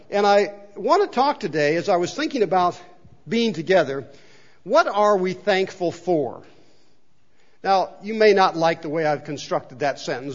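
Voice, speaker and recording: A man's voice: a little high, highs cut off. A man preaching a sermon in a chapel, talking conversationally and asking the congregation questions. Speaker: pastor. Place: church chapel.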